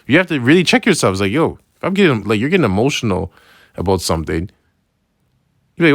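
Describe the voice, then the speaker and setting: A man with a mid-range, sing-song voice teaches a casual Bible lesson, talking fairly quickly but leaving long pauses, and he often checks in with "right?". His phrasing is loose and slangy with restarts, in a conversational manner. The tone is a bit bright and the studio recording is clean, with no room sound.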